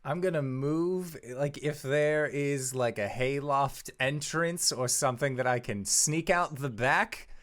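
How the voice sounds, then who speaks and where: A man's voice: medium pitch, a little slow, few pauses, fairly bright tone. A man playing a tabletop game, casually plotting his character's moves. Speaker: player.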